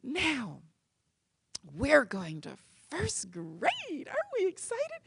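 A woman voicing her cheerful, gentle mother with a sing-song, coaxing manner. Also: high-pitched, huge pitch swings, takes it slowly, creaky, dry recording, pitched above the performer's own voice, exaggerated voice. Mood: sweetly cheerful. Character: cheerful, gentle singing mother, sunny and sweet.

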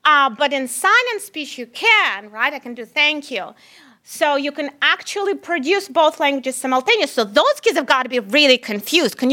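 A woman researcher with a Russian accent giving a lively lecture, addressing the audience as "my friends". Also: high voice.

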